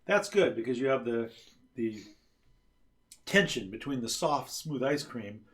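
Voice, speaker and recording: A man's voice: mid-range voice, animated, a little slow, fairly bright tone. A man co-hosting a livestream as the father, making dry puns and explaining things at length. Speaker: father co-host. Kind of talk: casual chat.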